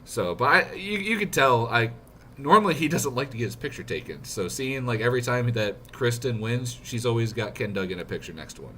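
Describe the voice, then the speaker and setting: A man's voice: mid-range voice, expressive, a little fast, a bit bright, slight background noise. A man chatting as a guest on a live show, hesitant, restarting sentences and using fillers. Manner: hesitant, restarts often, fillers like "you know". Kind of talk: casual panel chat.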